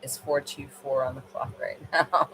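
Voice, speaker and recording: A woman's voice: extremely low pitch, steady tone, normal speed, fairly bright tone, a little hiss or hum, low-quality recording. Tired, chatty woman reading tarot. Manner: rambling, chatty, with fillers. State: tired, late at night. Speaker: tarot card reader. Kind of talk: casual livestream card reading.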